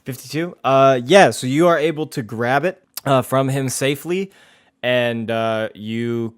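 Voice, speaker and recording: A man narrating as game master of a tabletop role-playing game, pausing often with fillers. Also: medium pitch, smooth. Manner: hesitant, lots of fillers.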